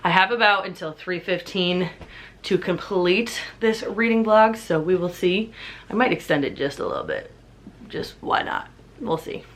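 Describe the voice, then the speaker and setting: A twenty-something woman with a lowish voice talks at a moderate pace in a casual book vlog filmed at home. She's chatty and leans heavily on fillers, saying "like" constantly.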